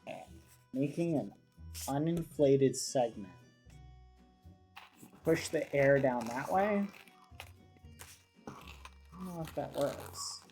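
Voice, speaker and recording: A man's voice: medium pitch, lively intonation, slow pace, pauses often. A man livestreaming and chatting casually, fretting nervously and cursing mildly with "fudge". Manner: fretful, nervous, swears softly with "fudge". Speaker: streamer. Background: background music.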